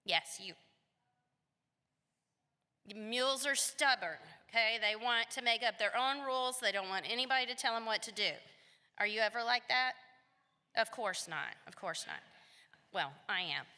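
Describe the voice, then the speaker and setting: Bright-voiced woman teacher telling a story. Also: a little high, moderate pace, long pauses. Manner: animated, asks the children questions. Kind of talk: storytelling to schoolchildren. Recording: long reverb of a hall.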